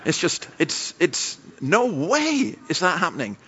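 A man's voice: fairly high pitch, wildly swooping pitch, unhurried, sharp tone, breathy edge, dull audio. A man pastor delivering a sermon with humorous, anecdotal storytelling.

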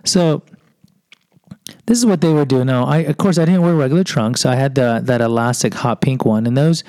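A man's voice: mid-range voice, moderate pace, a little mellow, no room sound, poor audio. Self-deprecating man telling a story. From Houston, Texas. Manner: self-deprecating, acts out quoted voices. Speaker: podcast host. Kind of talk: personal storytelling monologue.

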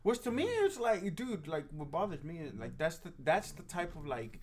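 A man's voice: on the high side, big pitch swings, moderate pace, music in the background. A man hosting a podcast in casual chat, emphatic, swearing and often asking for agreement. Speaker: podcast host.

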